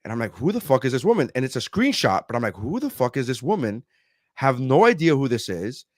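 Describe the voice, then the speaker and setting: A man's voice: mid-range voice, fast talker, dry recording. Profane storytelling man, dry close sound. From South Florida. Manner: profane, animated storytelling with quoted voices. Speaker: podcast co-host, comedian. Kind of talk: casual storytelling.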